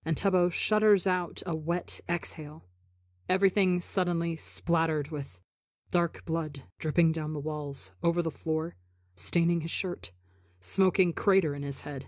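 A woman reading a story aloud for a podcast, measured and expressive. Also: deep voice, no room sound, studio quality. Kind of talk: audiobook narration of fan fiction.

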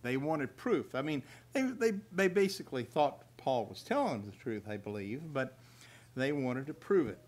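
A man's voice: medium pitch, sing-song, moderate pace, darkish tone. An older man giving a folksy sermon, chuckling now and then and reading scripture aloud. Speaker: preacher. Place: church hall at a religious festival.

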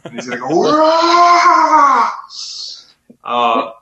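A medium-pitched man co-hosts a casual wrestling predictions chat at normal speed, reading out picks with jokey asides and frequent laughter. The dull audio comes from an echoey room with crowd noise.

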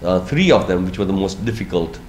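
A man with a fairly low voice gives a business school lecture, explaining each step and leaning on key words. His voice rings in a roomy space with a faint hiss beneath it. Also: animated, fairly quick, a little mellow. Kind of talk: recorded lecture. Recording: echoey room, faint noise.

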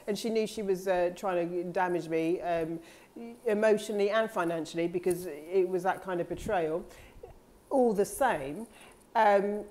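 A woman's voice: mid-range voice, a little mellow. A woman life coach talking casually and earnestly to her audience, candid and now and then swearing, acting out her own past thoughts in quoted asides. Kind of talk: casual motivational monologue.

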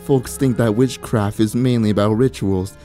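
A man voicing a cryptic, sly old female witch in game dialogue, speaking in a hushed, measured, teasing way. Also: fairly low pitch, steady tone, faint music behind, natural voice. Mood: matter-of-fact.

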